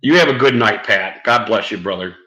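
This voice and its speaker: Laughing, swearing male streamer, bright voice. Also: fairly low pitch, a little fast, roomy sound, rough recording. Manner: laughs often, swears freely, rambling. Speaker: live streamer. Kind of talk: casual live-stream chat.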